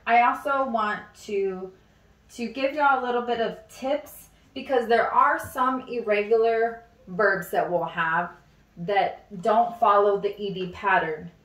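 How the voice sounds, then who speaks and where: A woman leads a phonics lesson at a very slow, deliberate pace, repeating each word so it sinks in. Her voice carries the echo of a room and sits back from the microphone. The pitch sits in a middling range. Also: fairly bright tone. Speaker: teacher. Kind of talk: mock classroom phonics lesson. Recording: echoey room, mic at a distance.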